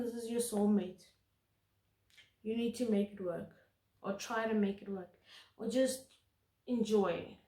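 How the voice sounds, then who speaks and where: A woman's voice: on the high side, mellow, echoey room. A woman giving an intuitive tarot reading to camera, earnest and emphatic, often repeating words for stress. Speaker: tarot reader.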